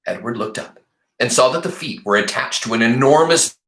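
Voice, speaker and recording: Male teacher reading aloud, lively delivery. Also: mid-range voice, a little fast, echoey room. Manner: expressive, animated storytelling. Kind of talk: reading a novel aloud to a class.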